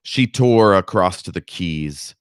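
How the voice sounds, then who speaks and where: A man reading a novel aloud as narrator, in a deliberate, measured way. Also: deep voice, animated, clean tone, no room sound, clean studio sound. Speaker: podcast host reading a novel. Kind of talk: audiobook narration with commentary.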